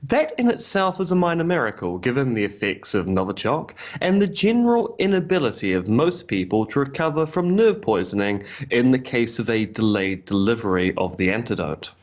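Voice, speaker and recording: A man's voice: mid-range voice, sing-song, a little fast, hardly any pauses. A man co-hosting a podcast over a video call, chatting casually with dry, self-deprecating jokes. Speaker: podcast co-host. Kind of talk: casual chat. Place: home in Romania.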